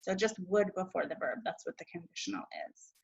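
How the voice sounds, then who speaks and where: A woman's voice: fairly low pitch, brisk, vocal fry, breathy edge, lo-fi sound. A woman teaching a recorded Spanish grammar lesson over slides, casual and chatty, correcting herself as she goes.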